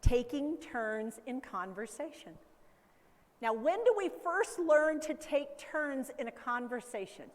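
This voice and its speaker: A woman educator giving a lively conference talk, acting out baby talk and caregiver voices along the way. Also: sits high, unhurried, big-room sound. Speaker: dementia care educator. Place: conference hall.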